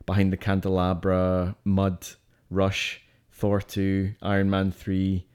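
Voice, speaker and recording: A man's voice: low voice, monotone, slow pace, a little mellow, smooth. A man co-hosting a casual podcast, eagerly listing films he liked and disliked. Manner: rattles off lists of film titles, enthusiastic, with fillers. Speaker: podcast co-host. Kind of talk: casual film chat.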